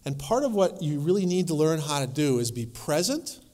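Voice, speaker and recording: A man lecturing at a conference, telling anecdotes in a lively way and acting out the voices of the people in his stories. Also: on the high side, moderate pace, big-room sound. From North Dakota.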